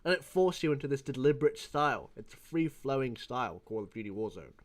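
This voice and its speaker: A man's voice: medium pitch, animated, fast talker. A man of about twenty with an Australian accent, telling a rambling, profane gaming story in a casual vlog. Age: around 20. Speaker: gaming YouTuber.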